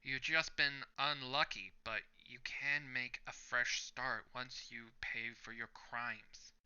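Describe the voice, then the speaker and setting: A man reading the lines of a cool, menacing young male hero in a flat, matter-of-fact voice. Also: mid-range voice, takes it slowly, smooth. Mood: coldly calm. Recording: muffled lo-fi recording.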